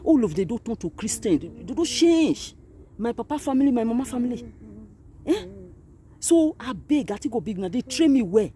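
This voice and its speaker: Animated Nigerian woman speaking Pidgin outdoors. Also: fairly high pitch, a little fast. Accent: Nigerian Pidgin English. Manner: animated, swings between quiet grief and loud outbursts. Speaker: vlogger. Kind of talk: emotional direct-to-camera monologue. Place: outdoors at a cemetery.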